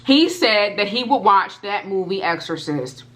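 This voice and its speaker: A woman vlogger telling a personal story to her viewers, animated and repeating herself, talking straight to the audience. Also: mid-range voice, a little slow. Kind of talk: storytime vlog.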